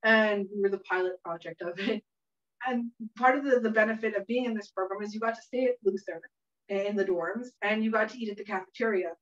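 A woman's voice: mid-range voice, fairly quick. A woman hosting a cooking workshop, telling a funny story in a chatty way and laughing often. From Canada. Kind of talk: casual storytelling while cooking. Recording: echoey room, mic at a distance, dull sound.

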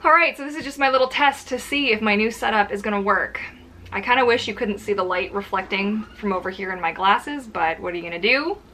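A woman vlogger chats casually to camera from a filming corner at home, rambling with lots of filler words. Her mid-range voice is fairly quick and sharp, with a little hiss or hum in the audio.

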